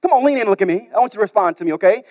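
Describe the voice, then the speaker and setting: A man preaching a sermon as pastor, talking straight to the congregation, swinging between loud emphasis and quiet asides. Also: high-pitched, animated, very fast, no echo, dull audio. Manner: repeats words, talks straight to the congregation.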